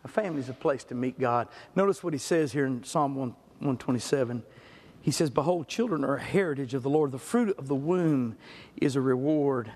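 A middle-aged man preaching a sermon, a folksy storyteller who swings between loud, animated stretches and quiet ones. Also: mid-range voice, brisk. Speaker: pastor. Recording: long hall reverb.

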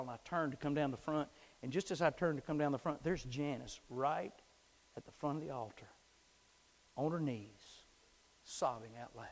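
A middle-aged man preaching a sermon as a pastor, swinging from hushed whispers to shouted climaxes. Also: medium pitch, long reverb tail. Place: church sanctuary.

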